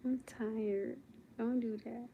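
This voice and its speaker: Sleepy gravelly-voiced woman livestreaming. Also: fairly high pitch, steady tone, takes it slowly, narrow, tinny audio, slight background noise. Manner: sleepy, teasing, laughs often. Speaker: livestream host. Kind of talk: casual late-night livestream chat. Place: at home in bed.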